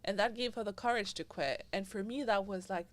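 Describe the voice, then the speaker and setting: A young woman, a podcast host being interviewed, chatting casually and acting out quoted lines with big jumps in pitch. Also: fairly quick, no echo. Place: living in Dubai.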